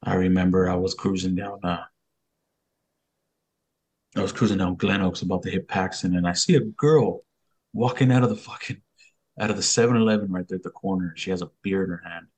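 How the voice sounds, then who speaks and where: Man guest, lowish voice, casual storytelling, heavy cursing and slang, rambling. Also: steady tone, a little fast, pauses often, darkish tone, breathy edge. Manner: profane street slang, loose rambling delivery. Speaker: podcast guest.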